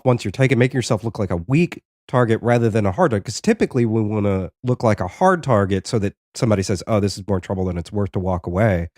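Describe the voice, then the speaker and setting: A man's voice: on the low side, a little mellow, dry recording, studio quality. A man hosting an interview, asking curious, rambling follow-up questions that restart midway. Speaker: podcast host. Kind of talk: conversational interview.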